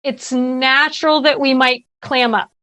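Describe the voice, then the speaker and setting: A woman's voice: high-pitched, steady tone, unhurried, bright, forceful tone, no room sound. Earnest woman giving advice on a video call. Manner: earnest, conversational, frequent "like" and "right?". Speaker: workshop presenter. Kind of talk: virtual summit Q&A, advice.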